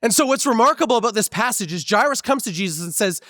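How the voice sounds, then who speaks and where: A man with a fairly high voice preaches a sermon in an easygoing, conversational way, mixing in stories from his own life. His voice sits close to the mic while a long church-hall reverb trails behind it. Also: expressive, quick pace, sharp tone. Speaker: pastor. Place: church sanctuary.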